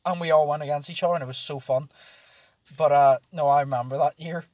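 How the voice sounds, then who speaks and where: A man's voice: on the high side, steady tone, fast talker, a little mellow, no echo. A young man, hosting a podcast and rambling through sweary, laugh-filled stories about nights out with friends. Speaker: podcast host. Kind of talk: casual storytelling chat.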